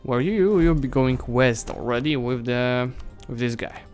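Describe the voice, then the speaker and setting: A man streaming a strategy game, thinking aloud and chatting to the nations and armies on screen, his voice going hoarse. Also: medium pitch, unhurried, darkish tone, faint music behind. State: losing his voice. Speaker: gaming streamer. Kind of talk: live strategy game commentary.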